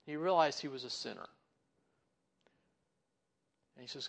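A man preaching a conversational sermon, leaning on "you know" and stretching key words slowly before dropping to a soft, low close. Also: lively intonation, creaky. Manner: folksy, fills pauses with "you know". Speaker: pastor or Bible teacher.

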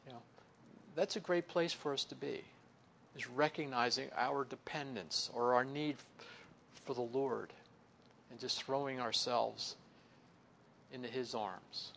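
A man preaching a conversational sermon, leaning on "you know" and stretching key words slowly before dropping to a soft, low close. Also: vocal fry, slight background noise. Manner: folksy, fills pauses with "you know". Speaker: pastor or Bible teacher.

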